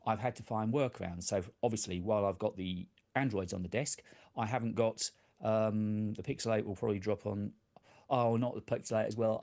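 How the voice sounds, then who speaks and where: Chatty man, low voice. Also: quick pace. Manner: chatty and self-deprecating, laughs often, lively swings in pitch. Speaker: tech live-stream host. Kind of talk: casual live-stream chat. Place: home office desk.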